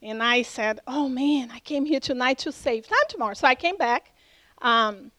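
A church member with a non-native English accent tells her testimony as a story, speaking animatedly at normal speed in a high voice and jumping up in pitch to act out what people said. The recording is close, dry, and rough, with no room sound or echo.

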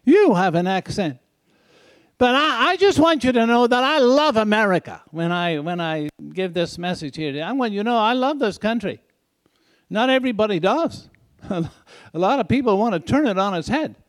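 A man's voice: sits high, expressive, normal speed, a bit bright, no room sound. An older man with a foreign accent preaching a sermon in a folksy way, chuckling now and then and asking the crowd "isn't that right?".

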